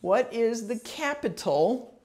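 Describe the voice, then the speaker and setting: A woman teaching a citizenship class in a ministry center, sounding words out slowly and clearly, syllable by syllable, and encouraging her students. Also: fairly high pitch, lively intonation, darkish tone. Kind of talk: patient pronunciation drilling.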